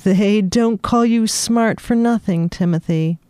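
A woman voicing an older housekeeper who scolds in a warm, motherly, folksy way during a book reading. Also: mid-range voice, slow, clear, resonant tone, dry recording, natural voice. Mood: wry.

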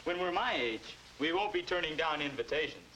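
An earnest future self. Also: male voice, fairly high pitch, lively intonation, fairly quick, bright, forceful tone, a little hiss or hum, poor audio. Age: young adult. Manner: earnest, instructive. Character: earnest young man, boy's future self. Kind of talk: 1950s educational film acting. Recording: old film soundtrack with music.

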